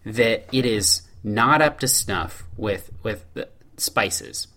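A man's voice: on the low side, expressive, slow, pushed and bright. A man co-hosting a casual chat, building his point step by step and acting out scenarios. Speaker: podcast co-host.

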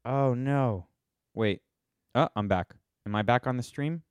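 A man's voice: mid-range voice, a little slow, clean tone, dry recording. A man in his thirties hosting a livestreamed podcast, talking in a rambling, sarcastic way with many restarts. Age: 30s. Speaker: podcast host. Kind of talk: livestreamed monologue.

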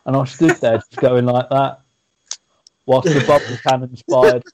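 A man's voice: mid-range voice, flat delivery, unhurried. A man, co-hosting a podcast and rambling through stories in casual chat. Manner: rambling storytelling with restarts. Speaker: podcast co-host.

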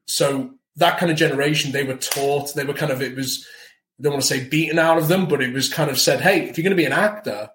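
A man's voice: a little high, fairly even intonation, a little fast, fairly bright tone, slight background noise. A man from the north of England, an actor guest chatting casually and animatedly in an interview, often restarting his sentences. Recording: roomy echo.

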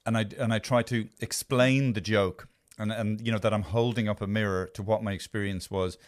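A man's voice: fairly low pitch, fairly even intonation, brisk. A man in his fifties hosting a podcast in a studio, rambling through stories with a lot of swearing and self-mockery. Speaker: podcast host. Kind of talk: casual podcast chat.

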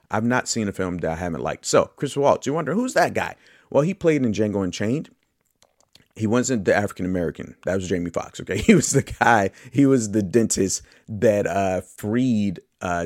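Rambling deep-voiced man hosting a movie podcast. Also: no room sound, studio quality. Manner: rambling, enthusiastic, self-correcting. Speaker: podcast host. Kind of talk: casual movie podcast monologue.

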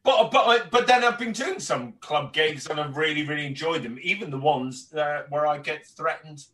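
A guest comedian from Northern Ireland, speaking with the accent, chats and tells stories on a casual podcast in a higher, slightly bright voice at a moderate pace. He rambles with stammered restarts and lots of swearing, recorded from a distance with rough quality.

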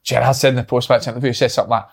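A man's voice: mid-range voice, little pitch movement, racing, vocal fry. Man chatting about football. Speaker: podcast panelist. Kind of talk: casual football podcast chat.

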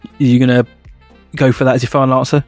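A man's voice: medium pitch, level tone, fast, a little mellow, faint music behind. Playful man hosting a quiz. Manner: playful, teasing, laughs often. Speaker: podcast co-host running a quiz game. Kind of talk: casual podcast chat.

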